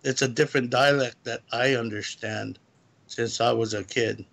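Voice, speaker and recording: A man with a gravelly, creaky voice calls in to tell his story. He rambles and backtracks, in a casual, halting way. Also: medium pitch, fairly even intonation, a bit bright. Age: adult, lived in California. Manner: rambling, halting retelling of a personal encounter. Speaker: guest caller.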